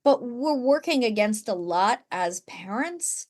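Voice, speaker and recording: A woman's voice: a little high, expressive, slow. A woman author talking as a podcast guest, earnest and at times close to tears. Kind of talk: emotional podcast conversation.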